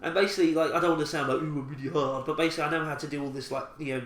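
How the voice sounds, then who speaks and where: A man's voice: fairly high pitch, fairly even intonation, very fast, a bit bright. Rambling man telling a story. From England. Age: 20s. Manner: rambling, laughing storyteller with many restarts. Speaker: podcast co-host. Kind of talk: casual chat, telling an anecdote. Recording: echoey room with faint ambient noise.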